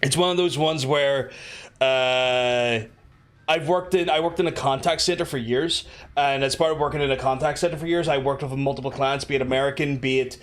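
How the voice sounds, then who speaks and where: A man's voice: medium pitch, a little fast. A man with a Belfast accent chatting casually while streaming a game, rambling and swearing with many fillers and restarts.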